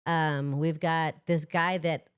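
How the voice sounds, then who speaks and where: A middle-aged woman from Los Angeles, a singer chatting as a guest on a casual podcast, animated and self-deprecating, laughing often. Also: low-pitched, takes it slowly, clear, resonant tone.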